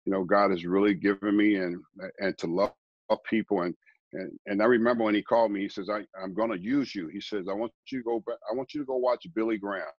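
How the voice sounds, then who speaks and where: A middle-aged man, a guest preacher, telling his life story in a rambling, quiet way, often repeating words. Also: on the low side, fairly even intonation, quick pace, no room sound, lo-fi sound. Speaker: guest, former baseball player turned preacher. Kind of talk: conversational storytelling.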